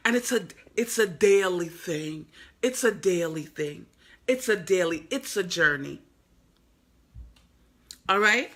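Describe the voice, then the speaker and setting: A woman's voice: mid-range voice, fairly bright tone. A woman who is a motivational speaker and author, giving an inspirational faith talk in an emphatic, repetitive, preacher-like cadence and speaking straight to the listener. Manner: addresses the listener directly, coaxing.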